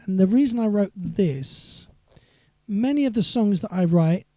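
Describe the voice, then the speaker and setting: A man's voice: high-pitched, lively intonation, measured pace, dark tone, no room sound, clean studio sound. A singer-songwriter man chatting on a live stream between songs, rambling and reading viewer comments aloud.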